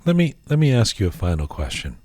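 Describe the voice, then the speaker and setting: Podcast host guy, lowish voice, lots of uh's, bouncy intonation, dry close sound. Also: fast, dry recording. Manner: hesitant with fillers, lively intonation. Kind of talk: interview questions.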